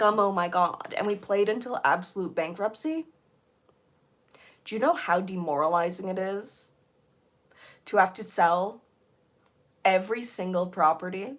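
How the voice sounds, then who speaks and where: A young woman chatting on a casual livestream while sorting jewelry, bubbly and playful, her voice a little hoarse. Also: medium pitch. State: slightly hoarse.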